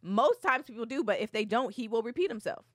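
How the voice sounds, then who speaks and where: A woman's voice: fairly high pitch, fairly quick, no room sound. A woman co-hosting a podcast in casual chat, telling stories with dry humor. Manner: animated storyteller, dry humor. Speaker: podcast co-host.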